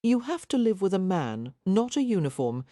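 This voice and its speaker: A woman reading an audiobook, voicing a young gentleman who teases his sister in a wry, unsympathetic way. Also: medium pitch, sing-song, normal speed, no room sound, clean studio sound, pitched above the performer's own voice, close to an everyday voice. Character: dry, teasing young gentleman, her twin brother.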